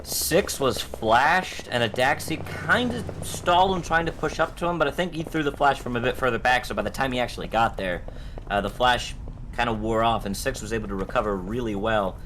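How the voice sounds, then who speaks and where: A man's voice: mid-range voice, a little fast, fairly bright tone, slight background noise. A man doing casual color commentary on an esports match, chatty, full of uh fillers, acting out what players might say. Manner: chatty, many uh fillers, acts out players' lines. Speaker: esports co-caster.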